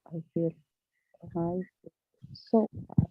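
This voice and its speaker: Woman student trying english words, slow and unsure, dry close sound. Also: mid-range voice, expressive, no room sound, dull audio. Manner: hesitant, unsure answers. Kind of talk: practicing pronunciation in class.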